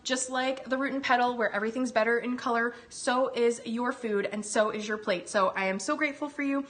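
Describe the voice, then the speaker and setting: A woman's voice: fairly high pitch, brisk, a bit bright. A woman hosting a live cooking demonstration from her home kitchen, bubbly and chatty, gushing over the food and talking while she eats. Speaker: cooking show host.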